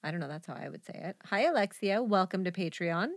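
A woman co-hosting a podcast in casual chat, animated and laughing often. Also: on the low side, fast talker, no echo, clean studio sound. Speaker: podcast co-host.

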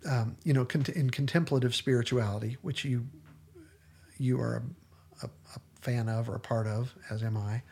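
A man's voice: mid-range voice, fairly even intonation, normal speed, creaky, darkish tone, a little hiss or hum. A man hosting a podcast, retelling scenes in an earnest, enthusiastic casual discussion. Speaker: podcast host.

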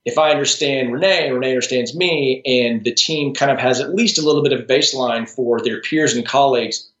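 Talking a little fast in a fairly bright, medium-pitched voice, a man who works as a strengths coach is interviewed on a podcast. He keeps things thoughtful and casual, often restarting and adding side comments, in a roomy, dull lo-fi recording.

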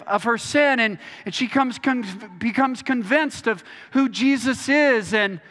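Pastor from Texas, very high and bright voice, earnest, stumbling restarts, reverberant church hall. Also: male voice. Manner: earnest, repeats words and restarts often. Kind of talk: sermon.

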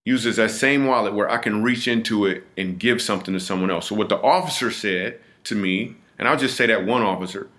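A man's voice: on the low side, brisk, few pauses, fairly bright tone. A middle-aged man, a comedian guest on a podcast, telling a personal story in an earnest, vivid way, often restarting and repeating himself.

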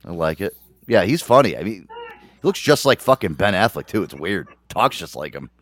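A man's voice: deep voice, very animated, moderate pace, no echo. A man hosting a radio call-in show, chatting casually with loose, profane banter.

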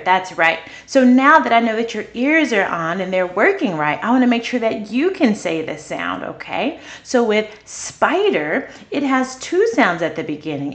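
A woman leads a speech therapy practice for small children and talks to them directly. Her pitch moves a great deal, and she is warmly encouraging. She slows right down when she says practice words so that each sound is clear. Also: big pitch swings, echoey room. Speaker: early childhood educator.

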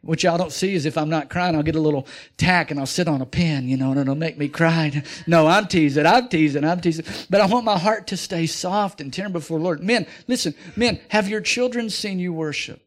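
A middle-aged man preaching a sermon as pastor, talking in an animated way and building up to near-shouted exhortations. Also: on the high side, a little fast, hardly any pauses.

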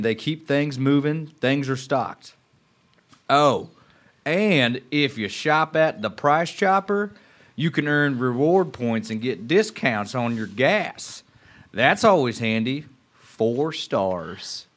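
A man's voice: mid-range voice, pitched above the performer's own voice, lightly acted. A man voicing a brash male customer from the South, reading a review in a put-on Southern accent.

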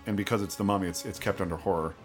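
A man co-hosting a film podcast, talking in a relaxed way with dry humor and some hesitations. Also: sits low, racing, soft background music. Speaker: podcast co-host. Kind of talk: casual chat about films.

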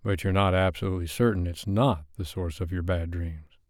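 A man voicing a commanding, teasing grown man in an audiobook, speaking low and firm. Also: fairly even intonation, brisk, darkish tone, dry recording, clean studio sound, close to an everyday voice. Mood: concerned.

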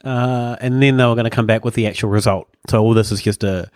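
A man's voice: fairly low pitch, steady tone, fast, darkish tone, no room sound, clean studio sound. A man hosting a podcast, telling stories in casual comedic chat and chuckling often. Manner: rambling storyteller, chuckling often. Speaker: podcast host.

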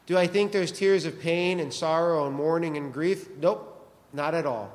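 Male pastor, high voice, chatty joking sermon, long hall reverb. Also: moderate pace. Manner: conversational, joking, asks the congregation questions.

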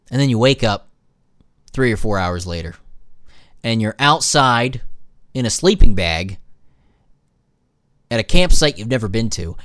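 Animated, jokey man telling stories. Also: mid-range voice, dry recording, clean studio sound. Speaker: podcast host and new father. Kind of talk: casual monologue.

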